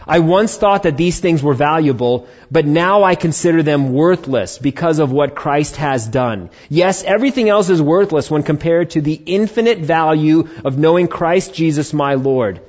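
A male pastor preaching a Sunday sermon, swinging between sudden loud emphatic bursts and soft, low asides. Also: dull audio. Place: church.

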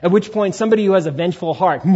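A man preaching a Sunday sermon as pastor, animated, acting out inner voices and asking the congregation questions. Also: high voice, lo-fi sound. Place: church sanctuary.

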